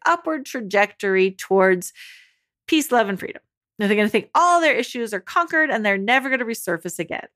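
A woman coaching mothers in a motivational talk, her voice sitting a little high. She speaks right to her listeners and calls them mamas. Upbeat and encouraging. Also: a bit bright. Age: adult mother.

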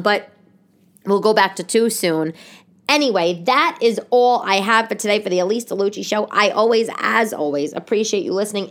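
A woman comedian with a New York accent hosting her own podcast in casual chat, expressive and animated, swinging between loud outbursts and quiet asides. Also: medium pitch.

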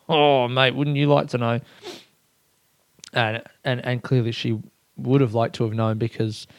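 A man's voice: mid-range voice, no echo. A young man hosting a casual solo podcast, rambling and self-mocking, swearing often and laughing at himself. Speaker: podcast host.

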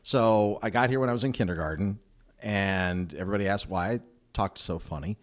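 A man's voice: on the low side, a little fast. A middle-aged man from Mississippi hosting a casual interview chat, an easygoing storyteller with self-deprecating humor. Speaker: podcast host.

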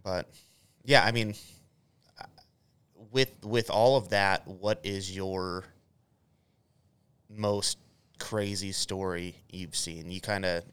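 Podcast host dude, really low voice but bright and clear, cussing a lot. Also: male voice, fairly even intonation, takes it slowly, long pauses. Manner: crude, joking, heavy swearing. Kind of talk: casual podcast chat.

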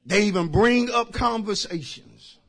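A man preaching a sermon as pastor, emphatic and talking straight to his congregation, bursting into shouts. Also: sits high, a little slow. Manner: talks directly to the congregation.

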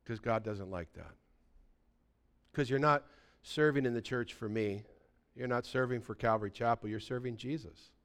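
A man's voice: medium pitch, moderate pace. A pastor in his sixties preaching a sermon in a conversational storytelling way, often checking in with his listeners.

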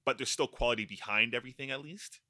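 A man co-hosting a casual round-table podcast, giving animated critiques with frequent restarts. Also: mid-range voice, fast talker, no room sound, clean studio sound. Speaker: podcast co-host.

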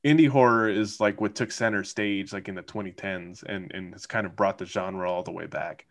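A man's voice: low voice, fairly even intonation, normal speed. A man co-hosting a casual podcast, rambling with many fillers and laughing often. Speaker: podcast co-host. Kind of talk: casual chat.

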